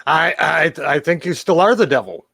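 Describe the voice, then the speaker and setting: A male co-host chats casually and teases his partner with wry comments. His voice sits a little high for a man. The recording is dry and close. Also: lively intonation, moderate pace, gravelly, bright, forceful tone, no room sound. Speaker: podcast co-host. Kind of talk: casual chat.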